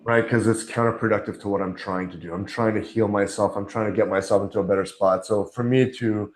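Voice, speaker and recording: A man's voice: lowish voice, steady tone, fast, a little hiss or hum. A middle-aged man guest on a podcast, talking earnestly and candidly, often acting out his own inner voice in quotes. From Canada. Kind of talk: conversational interview. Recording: echoey room.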